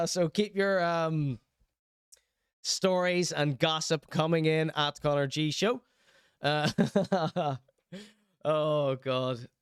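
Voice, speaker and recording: A man's voice: a little high, extremely slow, clear, resonant tone, no echo, studio quality. A man hosting a casual show, reacting to clips with chatty, teasing asides.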